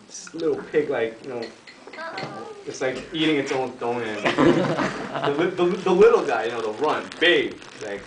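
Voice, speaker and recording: A man with a lively, mid-range voice tells a long joke at normal speed, meandering casually, loading it with "like" and "you know," and slipping into laughter. It's a noisy home video recorded in an echoey room with a distant mic.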